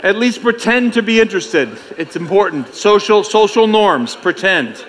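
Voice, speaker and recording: A man's voice: high-pitched, lively intonation, moderate pace, few pauses, fairly bright tone. A man emceeing a conference, bantering and joking with the audience in a playful, teasing way. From United States. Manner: playful, teasing, self-mocking.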